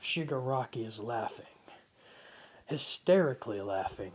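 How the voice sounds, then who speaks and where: A man narrating a fan story in a slow, half-whispered storytelling manner. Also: mid-range voice, a little hiss or hum. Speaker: fan fiction reader.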